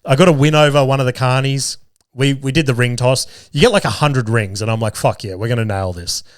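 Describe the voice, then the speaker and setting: A man's voice: medium pitch, brisk, smooth, no echo, clean studio sound. An Australian man in his thirties, hosting a podcast and telling family stories in a casual, sweary way, laughing often. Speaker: podcast host. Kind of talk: casual storytelling chat.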